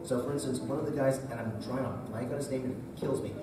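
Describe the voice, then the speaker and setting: A man's voice: mid-range voice, steady tone, fast, very noisy. A man talking as a guest voice actor at a convention panel, joking and breaking into character voices. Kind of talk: casual panel Q&A. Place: large convention hall. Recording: echoey convention hall, mic from far off, crowd ambience.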